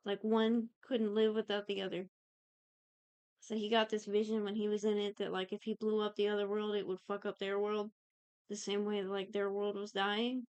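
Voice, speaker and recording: A young woman co-hosting a podcast recaps a TV series in casual chat, rambling, swearing and tossing off characters' lines in quick asides. Her mid-range voice is smooth and a little mellow, with a level tone and no room sound.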